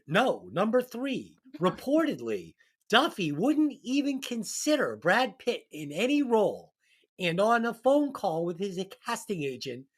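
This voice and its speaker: A man hosts a casual movie-review podcast, introducing segments and reading trivia in a loose, jokey way. He stumbles and restarts through his script, and his pitch rises and falls in a lively way. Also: husky. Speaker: podcast host.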